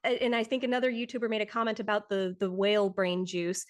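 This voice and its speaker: A woman guest on a casual podcast, explaining her views in a measured way at length. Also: medium pitch, little pitch movement. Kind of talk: casual chat.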